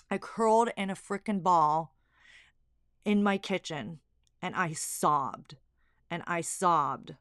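A woman's voice: on the low side, slow, long pauses, fairly bright tone, clean tone, dry recording, clean studio sound. A young woman, a stay-at-home mom, candidly telling a personal story with lots of fillers. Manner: candid, emotional, filler-heavy.

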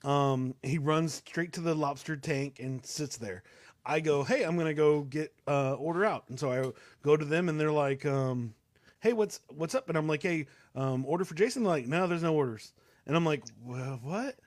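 A man's voice: a little high, moderate pace, no room sound. Rambling young man telling a story. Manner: rambling, many fillers and restarts. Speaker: co-host. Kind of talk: casual storytelling.

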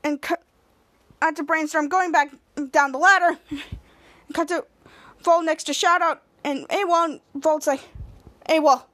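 Super high-pitched woman podcaster retelling scenes, keeps restarting, does the characters' lines. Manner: rambling retelling with halting restarts; acts out characters' lines in animated voices. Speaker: podcast host. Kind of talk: casual episode recap.

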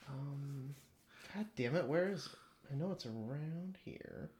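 A man's voice: fairly high pitch, animated, slow, a little mellow. Laughing man riffing on a movie. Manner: laughs often, swears casually, mocks the film. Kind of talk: casual movie commentary chat.

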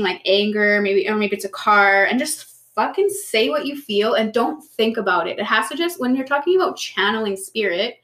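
A woman's voice: mid-range voice, fairly bright tone. A woman co-hosting a casual chat, a chatty storyteller who swears freely. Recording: echoey room.

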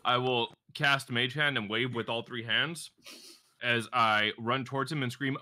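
A man's voice: medium pitch, steady tone, measured pace, bright, forceful tone. A man playing a character in a tabletop role-playing game, talking theatrically in character. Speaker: player. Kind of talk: tabletop role-play chat.

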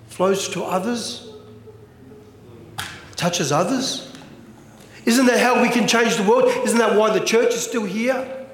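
A man preaching a sermon as pastor, animated and full of rhetorical questions. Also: high voice, echoey room, big-room sound.

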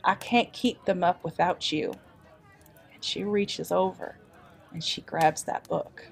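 A woman's voice: fairly low pitch, fairly even intonation, slow, vocal fry. A woman playing a folksy wandering storyteller. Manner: folksy drawl, dramatic storytelling. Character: folksy traveling adventurer telling tales. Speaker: player character storyteller. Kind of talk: improvised tabletop role-play.

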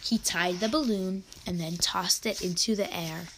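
A woman reading a children's story aloud in an expressive read-aloud manner, with small slips now and then. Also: fairly low pitch, moderate pace, background noise.

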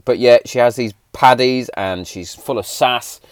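A man in his thirties ranting on a podcast, blunt and full of swearing. His pitch sits in a middling range, and he gets heated as he talks. The sound is dry and close, with no room echo. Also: measured pace, clean tone. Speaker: podcast host. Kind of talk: casual podcast rant.

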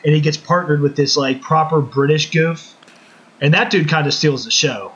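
A man's voice: fairly high pitch, moderate pace, a bit bright. A man co-hosting a podcast, chatting casually in a rambling, laid-back way with lots of fillers. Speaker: podcast co-host. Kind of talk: casual chat. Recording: muffled lo-fi recording.

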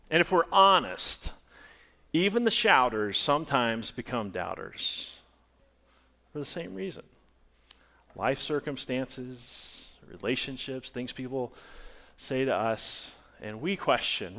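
Lively, animated preaching man. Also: on the high side, slow pace. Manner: animated, rising to loud excited bursts. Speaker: pastor. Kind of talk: sermon. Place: church.

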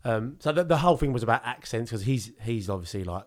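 A man's voice: medium pitch, lively intonation, fast talker. A young man from England, a podcast co-host telling rambling stories in casual chat. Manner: rambling storytelling with frequent laughs.

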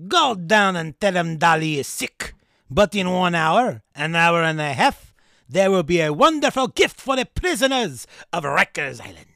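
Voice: mid-range voice, big pitch swings, moderate pace, creaky, fairly bright tone, dry recording, clean studio sound. A podcast host doing a hammy impression of a vain male painter who speaks of himself in the third person, with a fake Italian-sounding accent. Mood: grandiose. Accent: fake Italian-sounding put-on accent.

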